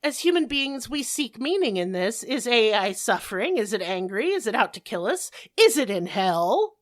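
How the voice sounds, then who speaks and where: A woman's voice: a little high, very animated, moderate pace. A woman co-hosting a podcast, explaining things in a casual, emphatic way with frequent swearing and mock rants. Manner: profane, ranting, emphatic explainer. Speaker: podcast co-host explaining a topic.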